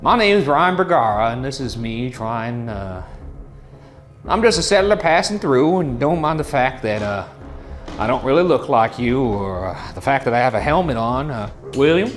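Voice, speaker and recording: A man's voice: mid-range voice, sing-song, normal speed, soft background music, lightly acted. A man voicing a bumbling settler who talks in hesitant, rambling phrases full of fillers. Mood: mock-formal. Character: man posing as a settler, awkward and fawning.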